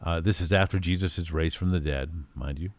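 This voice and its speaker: A man giving an informal Bible teaching in a conversational way, often pausing with fillers and reading verses aloud with emphasis. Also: low voice, dry recording, clean studio sound. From United States.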